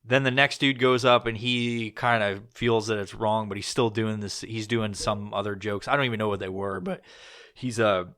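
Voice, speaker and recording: Bright-voiced man telling a profane story. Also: lowish voice, steady tone, moderate pace. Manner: rambling, profane, loose storytelling with many fillers. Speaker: podcast host. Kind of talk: casual storytelling chat.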